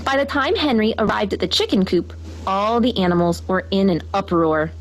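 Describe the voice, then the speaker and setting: A woman reading a children's picture book aloud in an expressive, lively storytelling manner. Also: medium pitch, normal speed, low-quality recording. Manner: expressive, lively read-aloud with character voices.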